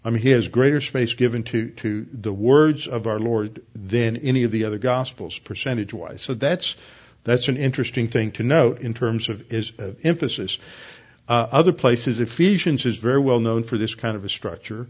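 A man teaching a Bible study class, explaining step by step and often pausing on fillers and restarts. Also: mid-range voice, husky, muffled recording. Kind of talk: classroom lecture.

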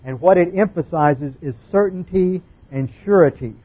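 A man teaching a sermon-style Bible lecture, deliberate and emphatic, stressing key words. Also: fairly high pitch, slightly rough. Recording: muffled lo-fi recording.

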